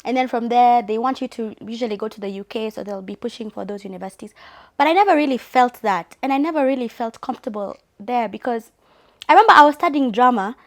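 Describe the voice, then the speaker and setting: A young woman hosting a casual conversation, telling a story from her own life in a lively, animated way. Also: fairly high pitch, quick pace. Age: young adult. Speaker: host.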